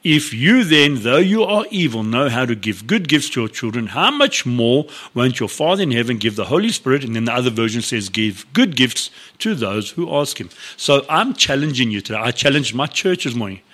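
Animated preaching man. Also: mid-range voice, normal speed, hardly any pauses. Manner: animated storytelling, acts out biblical dialogue with laughs. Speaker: pastor. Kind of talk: sermon.

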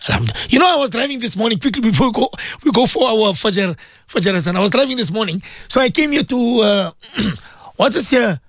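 A man hosting an Islamic radio show as a maulana, preaching with passion and repeating himself for emphasis. He has a sore throat and keeps clearing it. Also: high voice, expressive, fast talker, no echo, studio quality. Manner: impassioned, repetitive, rising to emphatic peaks.

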